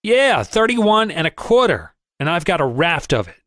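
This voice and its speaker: A man voicing a furious middle-aged male stock speculator, shouting and sputtering with rage. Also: a little high, lively intonation, moderate pace, no room sound, studio quality, voice pushed up.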